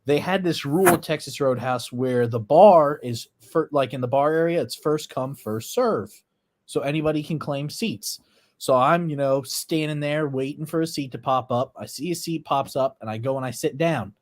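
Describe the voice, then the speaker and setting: A young man co-hosting a casual podcast, laid back and rambling as he tells a story. His voice sits at a middle pitch. He comes across as easygoing. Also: moderate pace. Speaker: co-host.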